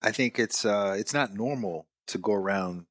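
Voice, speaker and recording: A man's voice: on the low side, normal speed, a bit bright, no room sound. A man hosting a conversation, explaining his view thoughtfully with everyday examples. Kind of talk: casual conversation.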